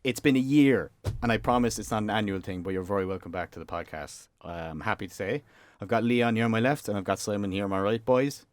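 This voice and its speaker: Young man, podcast host, quick teasing chat, low voice. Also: no echo. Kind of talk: casual chat.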